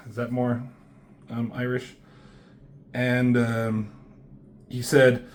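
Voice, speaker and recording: A man's voice: mid-range voice, slow pace, pauses often. A man casually talking through comic book pages, rambling and swearing, with lots of fillers and restarts.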